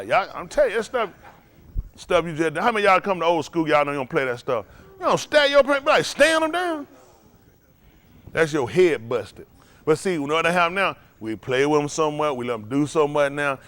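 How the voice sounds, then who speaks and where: A man pastor preaching a sermon, animated and acting out voices. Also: fairly high pitch. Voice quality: animated preaching with acted-out voices, laughing and shouting at times.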